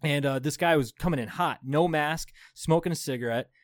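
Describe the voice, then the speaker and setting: Clean studio sound with no echo carries the fairly high, slightly quick voice of a podcast co-host in his 30s, around thirty. He chats casually, telling profane stories with lots of animation and laughter.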